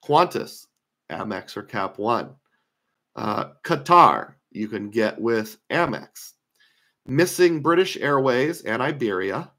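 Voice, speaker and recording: Slightly worn and sing-song, this man's mid-range, fairly bright voice moves slowly as he talks through credit card points on a screen share. He's conversational and opinionated, thinking aloud with fillers.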